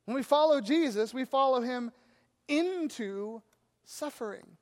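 Very high-voiced male preacher, reverberant hall. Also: unhurried. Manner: animated preaching with rhetorical questions. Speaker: pastor. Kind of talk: sermon.

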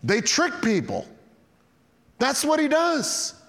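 A middle-aged man, a pastor preaching a sermon, telling stories to the congregation in a lively way and often calling them guys. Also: extremely high pitch, slow pace, vocal fry, big-room sound. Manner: storytelling, animated, addresses the congregation as guys.

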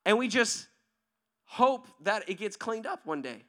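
A man's voice: high-pitched, a little slow. A male pastor preaching a sermon in a conversational, storytelling way, acting out little scenes and often checking in with "right?". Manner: animated storytelling, acting out quoted voices; conversational, keeps asking "right?".

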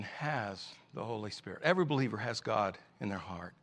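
A man preaching a sermon as a pastor. He asks many rhetorical questions and swings between loud, emphatic passages and quiet, hushed ones. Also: lowish voice, animated, a little fast, hardly any pauses.

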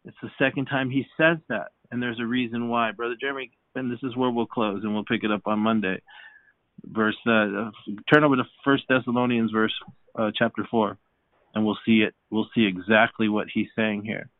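A man's voice: lowish voice, fairly even intonation, normal speed, no room sound. A man leading a podcast Bible study, preaching fervently with frequent hallelujahs and restarts. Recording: dry, phone-like sound.

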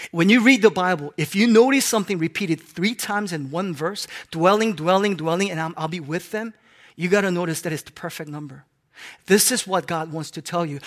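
A man in his forties from Hong Kong preaching a sermon, moving between loud, emphatic declarations and soft, hushed lines. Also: high-pitched, normal speed. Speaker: pastor.

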